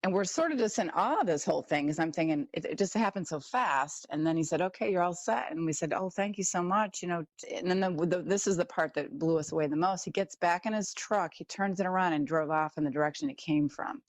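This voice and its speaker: A woman guest telling personal stories in an animated way, acting out the voices she quotes. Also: sits low, quick pace, hardly any pauses, dry recording. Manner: animated, acts out quoted voices, laughs often. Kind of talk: personal storytelling.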